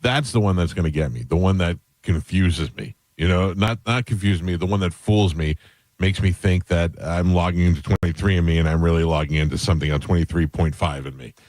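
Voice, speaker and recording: Man, very deep voice, dry close mic, casual radio banter, rambling storyteller. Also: fairly quick, darkish tone, no echo. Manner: rambling, self-mocking storyteller. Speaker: radio show host.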